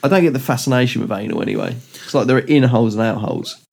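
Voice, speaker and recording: A man's voice: medium pitch, sing-song, racing, gravelly, darkish tone. A man co-hosting a podcast in casual chat, reading out news items and chuckling along. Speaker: podcast co-host.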